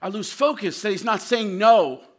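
A male pastor preaching a sermon with passion, swinging from loud shouted lines to low, quiet asides. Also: moderate pace.

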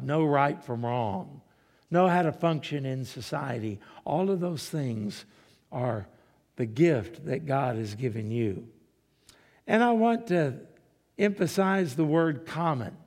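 Guy preaching real slow, drops quiet then swells up, big reverby hall. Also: fairly high pitch. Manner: slow, dramatic preaching with hushed drops and emphatic rises. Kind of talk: sermon. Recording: long reverb of a large hall.

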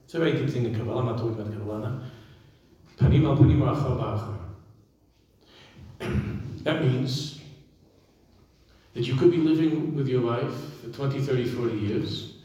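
Rabbi guy giving a sermon in a big echoey hall, sounds far from the mic, goes loud then quiet. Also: mid-range voice, normal speed, long pauses. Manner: animated, swings between loud emphasis and quiet asides. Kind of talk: sermon with storytelling.

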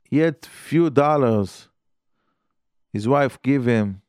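A man tells a story as a sermon in earnest, halting English. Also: medium pitch, a little mellow, dry recording, clean studio sound.

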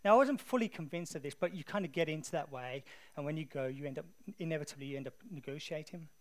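An English man preaching to his congregation, with a voice that sits a little above the usual male range. He talks easily and conversationally and tells his stories with lively animation. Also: on the high side, quick pace. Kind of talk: sermon.

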